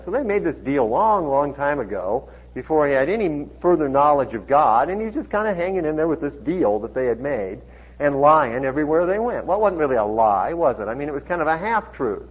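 A man delivers an expository sermon in a chatty, lively way, breaking off for small laughs and asides. His somewhat high voice is a little husky and swings widely in pitch. The recording sounds dull and lo-fi. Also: a little fast. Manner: conversational, chuckling asides, animated when reading dialogue. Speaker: pastor. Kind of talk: sermon, expository Bible teaching.

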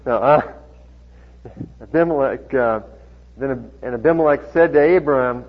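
A man preaching a conversational sermon, reading scripture and adding chuckling asides, animated when he acts out the dialogue. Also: medium pitch, unhurried, pauses often. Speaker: pastor. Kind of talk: sermon, expository Bible teaching. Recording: dull lo-fi sermon recording.

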